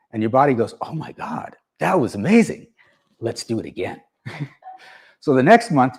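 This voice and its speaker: Man, motivational speaker, husky, lively pitch, plays out dialogue while storytelling. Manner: storytelling, animated, acts out both sides of dialogues. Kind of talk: motivational talk to a live audience.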